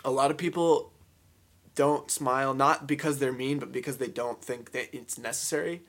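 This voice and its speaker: A man's voice: mid-range voice, fairly even intonation, normal speed, fairly bright tone. Young male co-host, earnest and advice-giving, casual. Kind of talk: casual chat.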